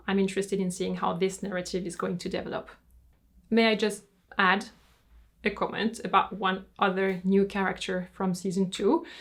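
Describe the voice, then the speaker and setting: A woman from France with a French accent hosts a channel and gives opinionated review commentary in a measured, explanatory, frank way. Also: medium pitch. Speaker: fashion reviewer and host.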